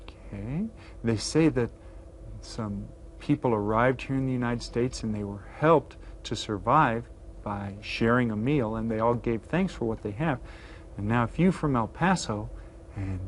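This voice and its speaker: Man, video lesson teacher, upbeat and playful, encouraging, slow careful pronunciation, mid-pitched voice. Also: slight background noise. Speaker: Spanish teacher.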